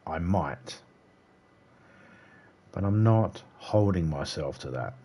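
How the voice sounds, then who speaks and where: Man, Australian accent, low-ish voice, casual livestream chat, rambling, swears freely. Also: lively intonation, takes it slowly, dark tone, a little hiss or hum. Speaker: game streamer.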